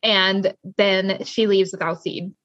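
A woman's voice: medium pitch, flat delivery, slow, a bit bright, no echo. A young woman co-hosting a casual TV recap chat, retelling scenes and acting out the characters' lines. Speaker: podcast co-host. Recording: dull dry lo-fi sound.

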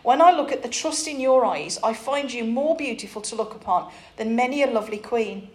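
A woman voicing a gentle, patient male shepherd who speaks quietly and tenderly, in a roomy recording. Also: a little high, expressive, brisk, lightly acted. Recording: roomy echo.

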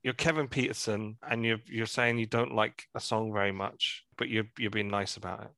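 A man's voice: fairly low pitch, normal speed, creaky, no room sound. A man hosting a podcast, chatting casually and teasing his guest with a laugh. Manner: relaxed, laughs easily, teasing questions. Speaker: podcast host. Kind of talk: casual chat.

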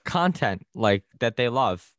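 A young podcast co-host in relaxed, agreeable chat who also reads a guest introduction. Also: mid-range voice, takes it slowly, no echo, studio quality.

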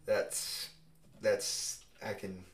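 A young adult man hosting a casual interview, asking relaxed, hesitant questions with plenty of fillers. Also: drawn-out words. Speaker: host. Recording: roomy echo, voice far from mic.

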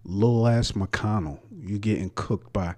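Brash, husky New sports ranter. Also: male voice, fairly low pitch, unhurried, a little mellow. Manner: brash, profane, mocking. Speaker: sports podcast host. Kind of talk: profane sports rant.

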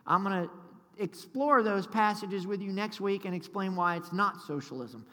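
A man preaching a sermon, fervent and leaning on call-and-response with his congregation. His voice sits high and bright, and it rings with long reverb through a large church. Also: normal speed. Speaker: pastor. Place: church sanctuary.

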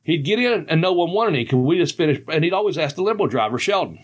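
A man's voice: on the high side, very animated, fast talker, breathy edge. A man in his fifties telling road stories in casual talk, rambling and laughing often, with loose colloquial grammar. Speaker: podcast host telling stories. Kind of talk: casual storytelling chat.

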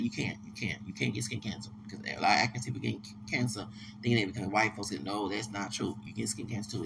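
A man with a gravelly, creaky voice tells stories on his podcast, rambling and emphatic, often restarting mid-phrase. His pitch sits in an ordinary middle range. Steady background noise runs under the recording. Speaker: podcast host. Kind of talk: casual monologue storytelling.

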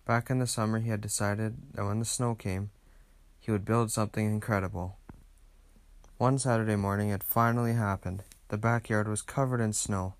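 Low-voiced man reading a storybook. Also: fairly even intonation, normal speed, dry recording. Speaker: narrator. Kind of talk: children's storybook read-aloud.

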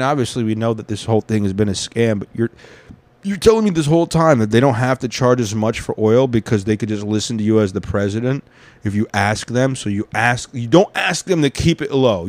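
Casting: a male podcast host, profane and rambling, mid-pitched and conversational. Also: darkish tone, dry recording. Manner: rambling, profane, easily sidetracked. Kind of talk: casual profane commentary.

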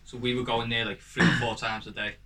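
A man's voice: mid-range voice, little pitch movement, brisk, pushed and bright, slight background noise, poor audio. A young man with a Liverpool accent, chatting on a podcast and telling funny stories, swearing freely. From Liverpool, England. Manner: chatty storyteller, swears freely, laughs through his own stories. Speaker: podcast co-host. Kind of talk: casual chat, storytelling.

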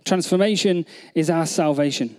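High-pitched guy preaching, earnest, lots of restarts and repeated lines. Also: normal speed, a little mellow. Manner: earnest, many restarts, repeats phrases, asks the audience questions. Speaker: pastor. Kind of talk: sermon.

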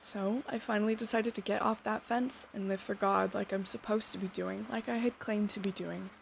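Teen girl, earnest testimony, sincere and reflective; slight fry, muffled lo-fi audio. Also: mid-range voice, fairly even intonation, moderate pace. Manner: sincere, soft-spoken, reflective. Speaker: speaker sharing a faith testimony. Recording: dull lo-fi sound with faint noise.

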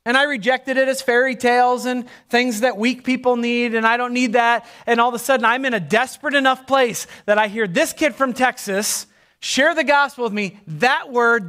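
A male pastor in his forties preaching a sermon, swinging from loud emphasis to hushed near-whispers and stretching key words slowly. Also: very high-pitched.

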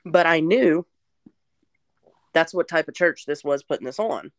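A woman's voice: sits low, expressive, unhurried, no echo. A young woman telling her personal testimony in a candid, chatty way, sometimes close to tears. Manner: candid, chatty, at times tearful. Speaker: podcast guest sharing testimony. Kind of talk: personal storytelling.

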